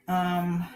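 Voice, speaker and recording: A woman's voice: lowish voice, warm tone. A woman hosting a casual spiritual talk, earnest and informal, often restarting sentences as she works through her points. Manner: rambling, restarts, talks herself through points. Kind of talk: casual spoken talk with notes.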